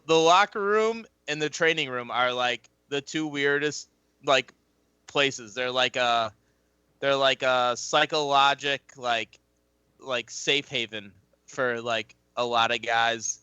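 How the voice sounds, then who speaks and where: Man, former football player, podcast chat, rambling and profane, bright tense tone, dry close sound. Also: medium pitch, slow pace, smooth, dry recording. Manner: rambling, profane, animated storytelling. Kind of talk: casual chat.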